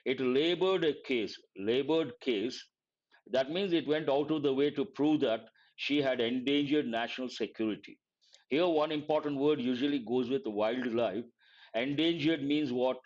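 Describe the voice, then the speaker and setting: A man with an Indian English accent teaches vocabulary from a newspaper editorial. His voice sits at an ordinary middle pitch. He stops often to define words in a patient, repetitive way. The recording is somewhat dull and lo-fi. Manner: reads a passage, then explains words slowly. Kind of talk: live editorial analysis lesson.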